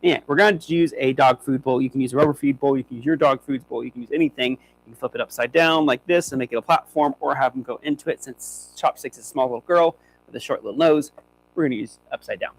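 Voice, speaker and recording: A young dog trainer demonstrates on a live stream, chatty and upbeat, talking to his dogs along the way. His medium-pitched voice moves at a quick pace, and the rough recording carries a faint hum.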